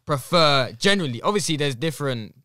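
A young man hosts a casual podcast, rattling through slangy stories with a bright, forceful edge to his voice. He talks quickly and tends to act out other people's lines as he tells them. The sound is close and dry. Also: a little high, smooth, no room sound. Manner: slangy, animated storytelling with quoted voices. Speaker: podcast host. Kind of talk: casual chat.

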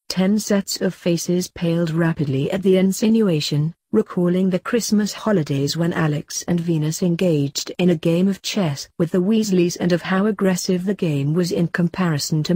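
A woman reading a fanfiction story aloud at a steady, even pace, voicing both narration and dialogue. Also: lowish voice, breathy edge, dry recording. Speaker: fanfiction reader.

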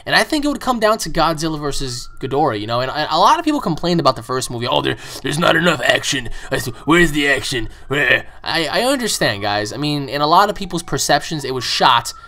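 A man's voice: on the high side, big pitch swings, fast, few pauses, bright, forceful tone, a little hiss or hum. A man hosting his own channel, answering fan questions in a rambling, profane monologue full of repeated words. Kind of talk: casual opinionated monologue.

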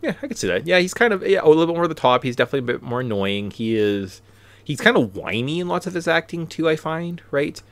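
A man's voice: on the high side, very animated, quick pace, no room sound. A man hosting a podcast, chatting casually and rambling, often tagging his points with "right?". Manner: rambling, tag questions. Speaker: podcast host. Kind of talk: casual chat. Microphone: podcast mic.

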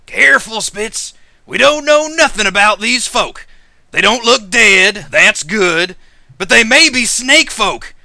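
A man's voice: high-pitched, lively intonation, slow pace, vocal fry, sharp tone, no echo, voice pushed up, exaggerated voice. A man doing a drawling lizardfolk ranch matriarch. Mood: wary. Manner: rural drawl, folksy ungrammatical speech. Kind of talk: tabletop game voice acting.

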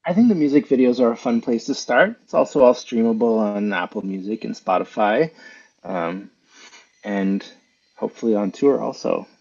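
A young man talks in a lowish, husky voice over a slightly dull, lo-fi video call. He is thoughtful and easygoing as an interview guest. His answers come out relaxed and unhurried. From western Canada. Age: young adult. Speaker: guest singer. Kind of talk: casual interview.

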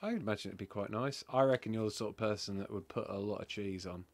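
Chatty man, lowish voice. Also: fast, a little hiss or hum. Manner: chatty, jokey, swears casually. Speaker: streamer playing online with a friend. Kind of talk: casual chat while gaming.

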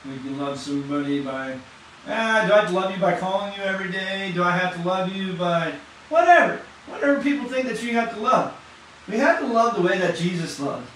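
A man preaching an informal sermon in a fast, excited, conversational way, with casual slang. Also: sits high. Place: church hall. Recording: echoey room from far off, faint noise.

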